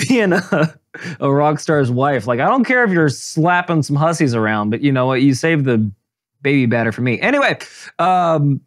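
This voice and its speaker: Animated, joking podcast host, a man. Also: medium pitch, moderate pace. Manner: joking, crude, playful. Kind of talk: casual chat.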